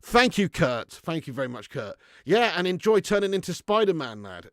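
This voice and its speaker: A man hosting a live football fan stream, chatting excitably, swearing freely and laughing as he reacts and thanks viewers for donations. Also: a little high, normal speed, hardly any pauses, no room sound, clean studio sound. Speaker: football fan channel host.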